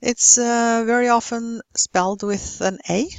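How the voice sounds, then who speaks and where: A woman with a Norwegian accent giving a pronunciation lesson, saying example words slowly and carefully. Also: on the high side, steady tone, vocal fry, clear, resonant tone, dry recording. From Norway. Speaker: English pronunciation teacher.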